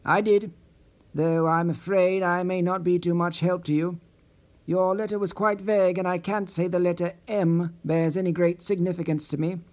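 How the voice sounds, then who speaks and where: A man's voice: high-pitched, flat delivery, normal speed, a little mellow, lightly acted. A man voicing a wary, formal older office worker who grows indignant on the phone. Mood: guarded.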